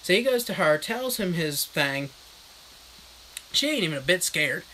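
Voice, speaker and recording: A man's voice: sits high, very animated, a little slow, sharp tone, slight background noise, poor audio. A man casually recapping a book in a comic, rambling, crude manner as a live streaming reviewer.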